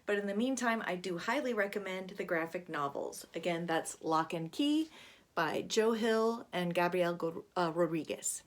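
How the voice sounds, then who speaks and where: A woman's voice: fairly low pitch, moderate pace. A woman casually talking about a favorite horror graphic novel, chatty, with plenty of fillers. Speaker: book reviewer. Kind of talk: casual book talk with read-aloud.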